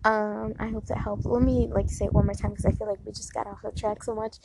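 Her medium-pitched voice barely moves in pitch, carries vocal fry, and comes out fast as this young woman rambles through casual chat and guided affirmations, peppering everything with "like," "um," and other fillers. There's a lot of noise in the recording.

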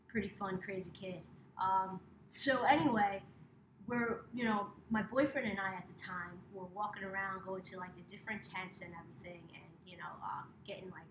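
A woman hosting a casual podcast, laughing often and rambling with lots of fillers. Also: medium pitch. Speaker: podcast host. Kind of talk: casual chat. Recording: roomy echo with clear background noise.

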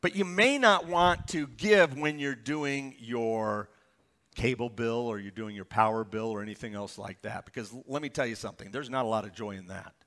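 A pastor giving a sermon, reading scripture verses aloud and explaining them with stories and asides. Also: male voice, medium pitch, moderate pace, a bit bright.

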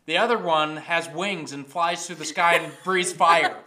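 A man co-hosting a casual podcast chat, explaining things in a drawn-out, playful way. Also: fairly high pitch, a crowd in the background. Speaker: podcast co-host.

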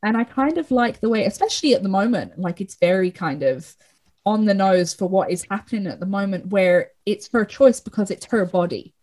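A woman's voice: mid-range voice, expressive, fairly quick, darkish tone. Chatty young woman with lots of fillers. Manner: chatty, frequent fillers and swearing. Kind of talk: casual film discussion.

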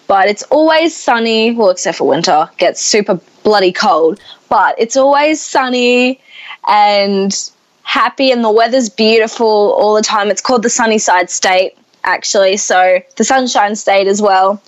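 A woman's voice: medium pitch, unhurried. Aussie woman guest, chatty, says like a lot, kinda dull lo-fi audio. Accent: Australian. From Gold Coast, Queensland, Australia. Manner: chatty, lots of "like" fillers. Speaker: musician guest. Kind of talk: casual interview chat.

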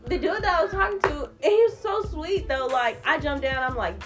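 A woman's voice: sits high, lively intonation, fairly quick, loud music behind the voice. A young woman hosting a podcast and telling a funny story in a loose, laughing way. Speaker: podcast host. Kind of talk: casual chat, storytelling.

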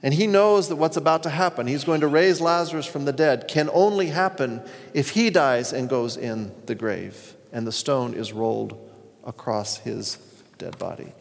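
A man's voice: medium pitch, normal speed, gravelly, soft background music. A man preaching a sermon as a pastor, retelling scripture stories in an earnest way. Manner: earnest storytelling, reads scripture aloud. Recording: long reverb of a hall.

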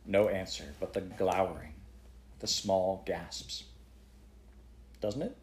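Low voiced dad type reading a storybook out loud, steady, expressive. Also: male voice, takes it slowly. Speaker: reading a book aloud to a child.

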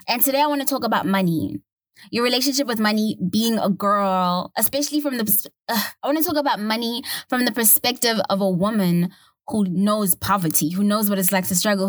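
A woman's voice: mid-range voice, dry recording, clean studio sound. Chatty young woman hosting a podcast. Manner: lively, slangy, chatty with quick asides. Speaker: podcast host. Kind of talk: casual podcast monologue.

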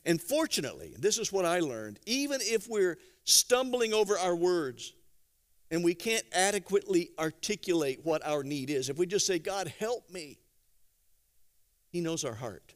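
A man preaching a sermon, telling stories conversationally with gentle humor and acting out quotes. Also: high-pitched, moderate pace. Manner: animated storytelling with acted-out quotes. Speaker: pastor.

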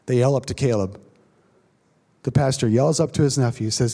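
A man preaching a sermon, telling a story dramatically and dropping to a hush at the tense moments. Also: mid-range voice, normal speed, long pauses. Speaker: pastor.

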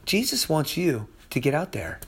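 A man giving an informal podcast sermon, swinging between loud exclaiming and quiet prayer. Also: on the high side, very animated, normal speed, slightly rough. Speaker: preacher.

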